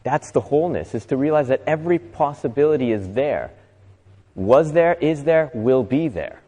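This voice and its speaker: A man's voice: medium pitch, lively intonation, moderate pace, dark tone. Man giving an inspirational talk in a reverberant hall. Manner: conversational, asks the audience rhetorical questions. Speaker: motivational speaker. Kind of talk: inspirational talk to a live audience. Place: live talk venue.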